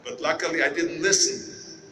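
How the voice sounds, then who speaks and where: A man's voice: on the high side, fairly even intonation, moderate pace, distant mic, noisy background. A man in his sixties with an Austrian accent giving an emphatic motivational speech in a large arena, telling stories and mimicking doubters. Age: 60s. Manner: emphatic storytelling, mimics naysayers. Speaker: keynote speaker. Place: large indoor sports arena. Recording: echoey arena, voice from afar.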